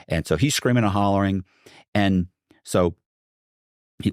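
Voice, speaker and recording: A man with a low, deep voice telling a long anecdote as a podcast guest, acting out the people in it with colorful swearing. He is recorded close on a studio mic in a dry, dead space. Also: fairly quick, no room sound. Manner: animated, acts out quotes, swears. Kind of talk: casual storytelling.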